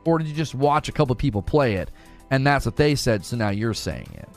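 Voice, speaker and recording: A man streaming casually, reading his chat aloud and arguing his points, often repeating words as he rushes ahead. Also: medium pitch, faint music behind. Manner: animated, argumentative, repeats words while rushing ahead.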